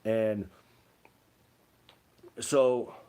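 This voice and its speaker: A man's voice: fairly low pitch, steady tone, extremely slow, dark tone, clear, resonant tone. Rambling man chatting on a livestream. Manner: rambling storytelling, many "like" fillers. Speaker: livestream co-host. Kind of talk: casual livestream chat reading comments.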